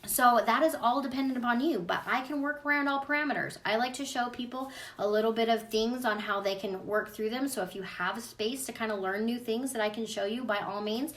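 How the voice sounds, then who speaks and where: A woman's voice: a little high, a little fast, hardly any pauses, fairly bright tone, distant mic. A woman, an energy healing practitioner, talking earnestly and casually to viewers in a live Q&A. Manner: chatty, earnest, talks straight to viewers. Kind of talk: casual livestream Q&A.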